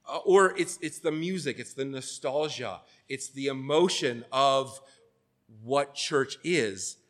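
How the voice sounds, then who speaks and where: A male preacher with a fairly bright voice on the high side speaks unhurriedly in a casual, conversational sermon. It's full of fillers and restarts, and now and then he acts out the voices of the people he quotes.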